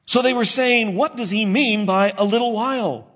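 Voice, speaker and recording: A man preaching a sermon, expressive and slowing down for emphasis. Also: high-pitched. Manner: expressive preaching, acts out disciples' voices, slows for emphasis. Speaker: pastor.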